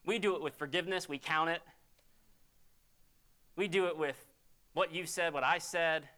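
Man, pastor, sermon, conversational, emphatic storytelling, bright forceful tone. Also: fairly high pitch, normal speed.

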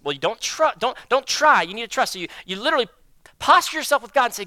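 A man preaching a sermon, acting out prayers and inner dialogue with God, swinging between loud emphasis and hushed, slow phrases. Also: very high voice, very animated, no echo. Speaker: pastor.

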